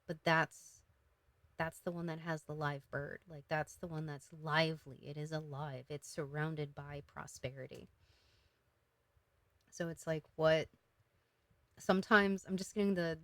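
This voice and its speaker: A woman giving a casual, emotional tarot reading, talking gently with many fillers and restarts. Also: low voice, no room sound. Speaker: tarot reader.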